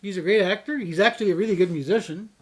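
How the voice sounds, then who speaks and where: Speaking high and rapid-fire, this Canadian beer review co-host keeps the conversation playful and rambling. He nudges topics forward with small asides and an "anywho" whenever he moves on.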